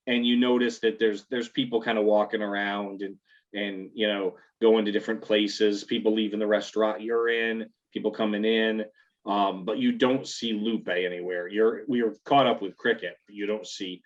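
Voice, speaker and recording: A man's voice: fairly low pitch, steady tone, moderate pace. A man narrating a tabletop game as game master, loose and full of ums and restarts. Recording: dull lo-fi audio.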